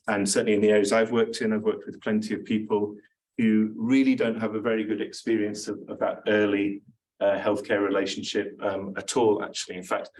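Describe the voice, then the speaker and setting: A man with a lowish voice gives a lecture in a relaxed, informal way. He fills his sentences with ums and false starts. He sounds slightly distant from the microphone. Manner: informal, self-deprecating, with many fillers and restarts. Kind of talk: academic talk to an audience.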